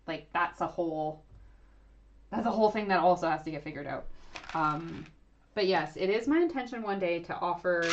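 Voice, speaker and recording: A woman in her thirties chats through a casual livestream Q&A as host, her slightly low voice meandering with fillers and restarts. The sound is dull and lo-fi, as if through a basic setup. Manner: chatty, rambling, frequent fillers and self-corrections. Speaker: archaeologist YouTuber hosting a livestream.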